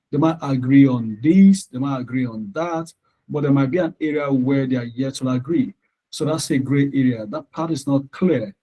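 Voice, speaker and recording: Here a male tutor leads a live web lesson, explaining exam questions at a measured rate in a mellow, middle-pitched voice. He breaks off now and then to confirm the class can hear him via his computer mic, captured on a rough recording.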